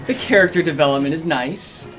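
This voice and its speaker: A man's voice: fairly high pitch, a little fast, a bit bright. A young man co-hosting a game stream, teasing and joking in casual banter. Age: young adult. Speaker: stream co-host. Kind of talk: casual gaming stream chat. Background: game music.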